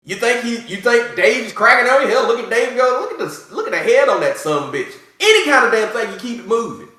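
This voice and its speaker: A man co-hosting a podcast, ranting in profane, animated casual chat with mocking asides. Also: extremely high pitch, quick pace. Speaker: podcast co-host. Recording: echoey room.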